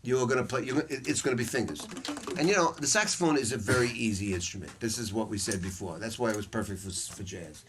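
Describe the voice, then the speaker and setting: A man's voice: fairly low pitch, quick pace, noisy background. A man teaching a saxophone masterclass to students in a music store, telling stories bluntly and swearing freely. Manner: blunt, profane, storytelling.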